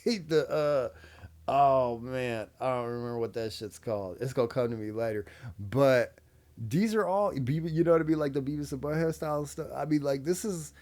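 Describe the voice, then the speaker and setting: A man's voice: mid-range voice, moderate pace, darkish tone. A man in his thirties hosting a reaction video, talking bluntly and casually, swearing often and laughing between remarks. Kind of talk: casual commentary.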